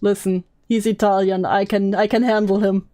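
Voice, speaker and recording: A woman hosting a stream, chatting casually and teasing her guest with deadpan jokes. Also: mid-range voice, normal speed. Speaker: streamer host.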